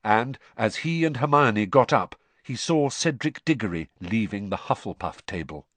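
A man narrating an audiobook in an expressive storytelling manner. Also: lowish voice, normal speed, no echo. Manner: expressive, varied storytelling delivery.

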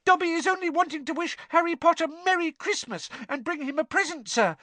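A man voicing an anxious, humble male house-elf with a high squeaky voice in an audiobook reading. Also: expressive, a little fast, sharp tone, no room sound, heavily acted. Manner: nervous, humble, speaks of himself by name. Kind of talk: audiobook character voice.

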